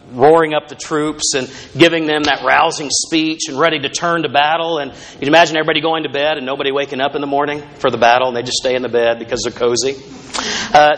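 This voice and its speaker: A man's voice: mid-range voice, a bit bright. A male pastor preaching a sermon in a conversational, storytelling way, with asides to the congregation.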